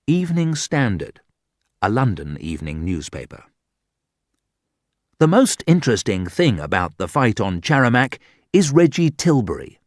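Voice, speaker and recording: A man reading a humorous book aloud as an audiobook narrator, in deliberate scripted narration. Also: mid-range voice, big pitch swings, no room sound, studio quality.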